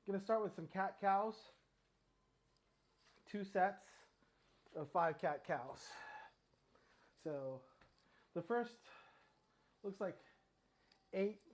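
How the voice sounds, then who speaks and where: Chatty middle-aged man, slightly winded. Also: sits high. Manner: rambling, lots of fillers and restarts. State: a little out of breath. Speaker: fitness vlogger. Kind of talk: casual talk while exercising.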